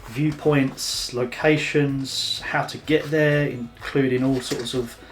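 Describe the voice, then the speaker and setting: A man's voice: mid-range voice, steady tone, slow pace, soft background music. A man giving a casual photography tutorial to camera, chatty and loose, with plenty of fillers and restarts. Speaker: photography vlogger.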